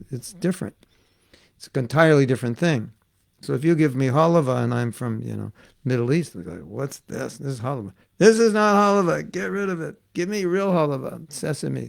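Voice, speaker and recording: An older man giving a religious class, telling stories in a lively way, chuckling and acting out what people said. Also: mid-range voice, gravelly. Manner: lively anecdotal storytelling with chuckles and acted-out quotes. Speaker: spiritual teacher.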